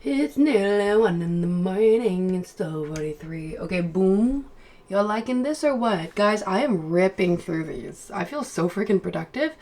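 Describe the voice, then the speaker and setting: Tired young Australian woman, gravelly chat. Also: medium pitch, expressive, a little slow, a little mellow. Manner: chatty, joking, talking to viewers. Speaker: vlogger. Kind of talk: casual study vlog chat. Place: at home, late at night.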